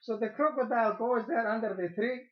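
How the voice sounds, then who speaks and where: A man co-hosting a casual radio chat, telling long rambling jokes and stumbling over his words. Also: extremely high pitch. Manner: rambling, halting joke-teller. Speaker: co-host. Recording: dull lo-fi recording.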